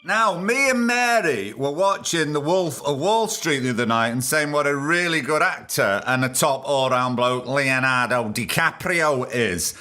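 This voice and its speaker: A man's voice: fairly high pitch, lively intonation, measured pace, hardly any pauses, bright, forceful tone. A man hosting a comedy podcast, talking wryly and rambling with frequent ums. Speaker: podcast host.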